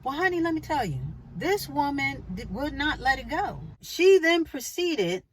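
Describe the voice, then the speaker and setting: A woman vlogger telling a personal story to her viewers in a chatty, animated way, with asides to the viewer. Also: sits high, moderate pace, a little hiss or hum, low-quality recording. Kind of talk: casual storytelling to camera.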